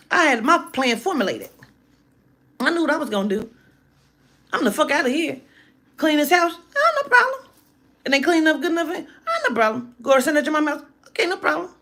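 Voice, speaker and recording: A woman with a fairly high voice tells a personal story straight to her listener in a loose, casual monologue. She talks in an animated, emphatic way and swears freely. Her delivery is blunt and direct throughout.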